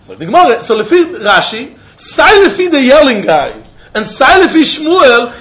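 Male Talmud teacher, high and very expressive voice, animated. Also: moderate pace. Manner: animated, acts out quotes, mixes in Yiddish and Hebrew terms. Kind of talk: Talmud lesson. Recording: dull lo-fi recording.

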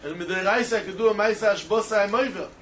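Man, high voice, style lecture, lively sing-song delivery. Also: fast talker, slight background noise. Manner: animated, mixes Hebrew, Aramaic and Yiddish terms into English, sing-song reasoning. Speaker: Talmud teacher. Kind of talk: yeshiva-style Talmud lecture.

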